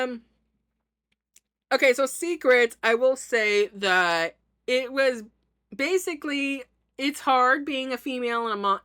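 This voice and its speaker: Woman vlogging at home, bright voice, chatty and rambly, keeps restarting. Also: a little high, smooth. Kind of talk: casual chatty monologue.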